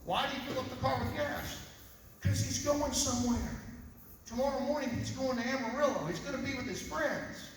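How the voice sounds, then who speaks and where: A man's voice: very high voice, slight background noise. A man, a civil investigator, briefing a press conference in an emphatic way and asking rhetorical questions. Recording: echoey hall, voice far from mic.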